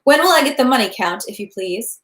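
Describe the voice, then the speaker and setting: A woman reading aloud the cold, measured lines of a calculating male gambler. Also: on the high side, expressive, echoey room, close to an everyday voice. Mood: cool.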